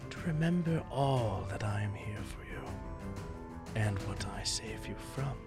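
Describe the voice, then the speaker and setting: Male actor plays fey queen: regal, commanding, soft whisper. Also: fairly low pitch, animated, a little slow, vocal fry, music in the background. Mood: menacing.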